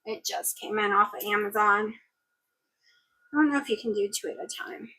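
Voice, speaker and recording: A woman chatting casually to her viewers while cooking at home, excitable and rambling, talking into a clip-on mic. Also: mid-range voice, breathy edge. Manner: rambling, excitable, talks fast in bursts. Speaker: vlogger. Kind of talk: casual vlog chat. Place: home kitchen, cooking at a griddle. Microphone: new clip-on wireless mic, sometimes clipped to the stove away from her.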